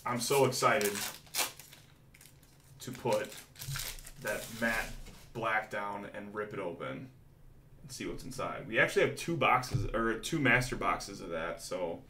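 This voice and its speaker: A man hosting a live card-breaking stream, calling out each pull with hyped excitement. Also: on the low side. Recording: roomy echo from mic distance, faint noise.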